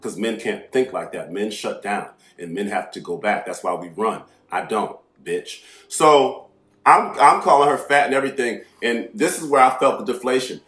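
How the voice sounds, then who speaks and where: A brash, foul-mouthed man tells a long story at the mic, swinging from low asides into loud, heated outbursts. His voice sits on the lower side and rings in an echoey room. Faint music plays underneath. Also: expressive, normal speed. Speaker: astrology channel host. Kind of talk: casual storytelling monologue.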